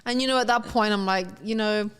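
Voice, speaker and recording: A woman's voice: medium pitch, fairly even intonation, quick pace, clear, resonant tone, big-room sound. A woman with a British accent, a podcast guest telling dating stories in chatty casual talk. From England. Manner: chatty storytelling with quoted voices. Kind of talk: casual chat.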